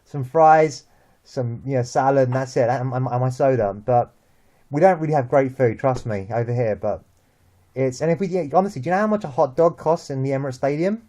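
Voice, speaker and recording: Animated London man, fan chat. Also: mid-range voice, brisk. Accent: London English. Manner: animated, repeats words, many restarts. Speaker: vlog host. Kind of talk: casual football chat.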